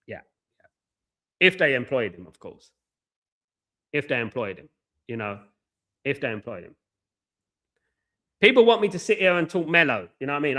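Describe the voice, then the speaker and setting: A man's voice: medium pitch, pushed and bright. A man hosting a live football watchalong, ranting with passion and repeating himself. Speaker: watchalong host.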